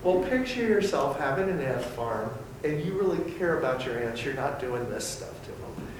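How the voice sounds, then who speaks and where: A man leading an interactive Bible study for a small group, teaching in an animated, theatrical way. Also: mid-range voice, normal speed, noisy background. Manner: animated and theatrical, acting out voices. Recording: echoey room from far off.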